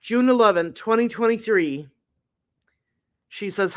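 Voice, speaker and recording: A man hosting a true crime show, reading his trial notes aloud in a slow, deliberate, halting way. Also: high voice, clear, resonant tone.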